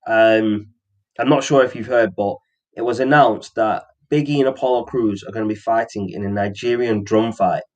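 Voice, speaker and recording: Male podcast co-host, slightly low voice, loose rambling delivery full of ums. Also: steady tone, normal speed, highs cut off. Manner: rambling, frequent ums and restarts. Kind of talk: casual wrestling chat.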